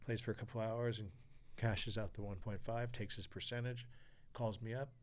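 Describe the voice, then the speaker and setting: A man's voice: fairly low pitch, fairly even intonation, normal speed. A man in his forties from California, a podcast guest telling a story with energy, acting out other people's lines and swearing freely. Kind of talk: storytelling interview.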